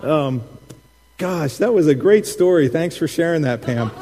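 Animated man preaching in a reverberant hall. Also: a little high, unhurried. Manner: animated, laughing storyteller acting out quotes. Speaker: pastor. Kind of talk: sermon with personal storytelling. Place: church sanctuary.

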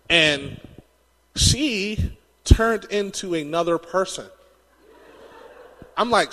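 A man preaching a sermon, telling stories in an animated way and laughing often. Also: high-pitched, unhurried, long pauses, in a large hall.

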